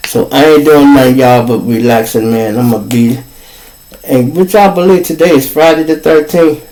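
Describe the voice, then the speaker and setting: A man's voice: medium pitch, normal speed, darkish tone, rough recording. A man from Chicago with a Chicago accent, hosting his own show and telling a street story in casual, profane slang, acting out both sides of the argument. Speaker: podcast host telling a story.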